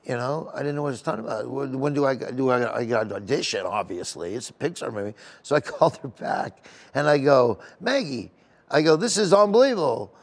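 A man's voice: mid-range voice, a little fast. A middle-aged man, a comedian, telling stories in an interview in an emotional, rambling way with many restarts. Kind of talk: sit-down interview storytelling. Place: golf tournament venue.

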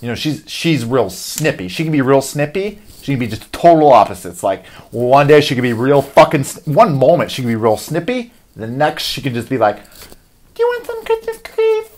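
A young man rants about everyday annoyances in a loose, profanity-laced comedic ramble. His pitch jumps around freely as he gets worked up, and the delivery is loose and animated. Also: brisk, hardly any pauses. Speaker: podcast host. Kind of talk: comedic rant.

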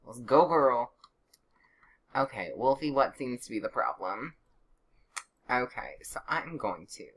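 A woman's voice: rumbling low, slightly rough. A young woman casually narrating her life-sim gameplay, chatty and sarcastic, with exasperated outbursts. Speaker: let's play gamer.

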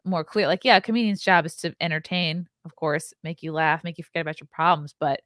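A woman comedian hosts a casual podcast in a lowish voice and reacts with quick enthusiasm. The sound is close and dry, with no room echo. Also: fairly even intonation, a bit bright.

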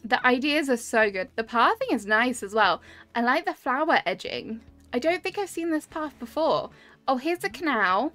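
High-voiced cheerful woman streamer. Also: lively intonation, normal speed, fairly bright tone. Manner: chatty, cheerful, greets chat by name. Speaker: streamer touring game islands. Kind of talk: casual live-stream commentary. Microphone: webcam with desk mic. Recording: dry close mic, game music behind.

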